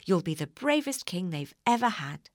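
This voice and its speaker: A woman voicing a gracious, kind good witch in a storybook reading, calm and reassuring. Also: on the low side, moderate pace, no room sound, clean studio sound.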